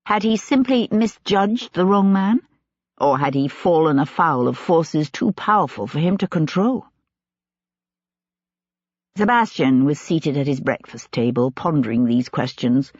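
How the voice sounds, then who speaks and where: An audiobook narrator telling the story in a measured, even way. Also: mid-range voice, no room sound. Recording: dull, dry lo-fi recording.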